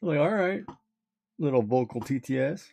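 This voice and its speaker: A man's voice: fairly high pitch, lively intonation, normal speed, gravelly, mellow, slightly rough. A man streaming, chatting casually with his live audience, rambling along and chuckling often.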